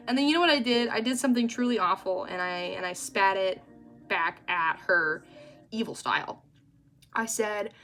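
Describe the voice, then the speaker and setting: A young adult woman giving an exasperated, animated rant in a casual vlog. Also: mid-range voice, normal speed. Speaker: vlogger. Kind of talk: ranting vlog monologue.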